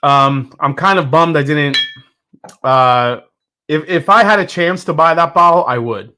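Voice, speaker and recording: A man hosts a casual live whiskey review, his voice bright and forward in a slightly high register. He rambles excitedly, tripping over restarts and fillers as he hunts for the words. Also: unhurried, a little hiss or hum.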